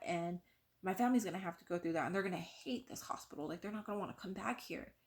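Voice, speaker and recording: A young woman vlogger telling a personal story to the camera in an animated way, full of "like" and acted-out quotes of what others said. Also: on the low side, fast talker. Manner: animated, acts out quoted voices, frequent "like".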